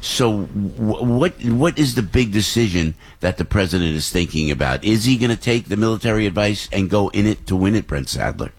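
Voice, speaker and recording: A man hosting a talk radio show, reading live ads and interviewing guests in an excitable, rambling way in a studio. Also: on the low side, moderate pace, few pauses, slightly rough. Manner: excitable, rambling, laughs through reads. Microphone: studio microphone.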